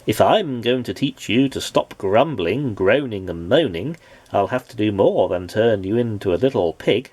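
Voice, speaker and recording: A man's voice: on the low side, lively intonation, a little mellow, no echo. A man doing a stern storybook wizard. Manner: stern, deliberate. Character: stern magical wizard who punishes rudeness.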